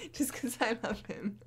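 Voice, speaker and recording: A woman co-hosting a casual podcast chat, mostly agreeing in short replies and sometimes getting enthusiastic. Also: on the high side. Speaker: podcast co-host.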